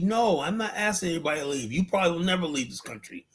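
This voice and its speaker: A man holds forth in a streamed monologue. His voice sits a little high for a man, and he drives his points home through repetition and rhetorical questions. He trails off as he hunts for words, then pushes on. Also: racing, breathy edge. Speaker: political commentary streamer. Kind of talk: livestream monologue.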